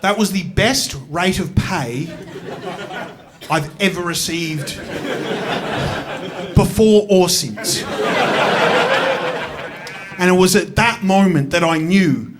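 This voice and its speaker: An Australian man performing stand-up comedy on stage, swinging from mumbled asides to loud outbursts. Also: high-pitched, lively intonation, takes it slowly, pauses often, a crowd in the background. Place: stage at a live comedy show.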